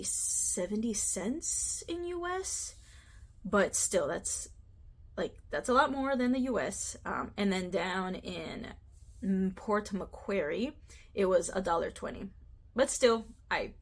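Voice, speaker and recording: Woman from the US, casual to-camera vlog, giggly and full of fillers. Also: medium pitch. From United States. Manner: chatty, giggly, lots of fillers. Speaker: cross-stitch vlogger.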